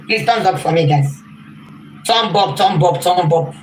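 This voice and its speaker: A woman's voice: fairly low pitch, a little slow. A woman on a livestream, scolding and insulting a rival over and over. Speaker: rival online commentator. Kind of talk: clip of a livestream rant. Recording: echoey room with faint noise.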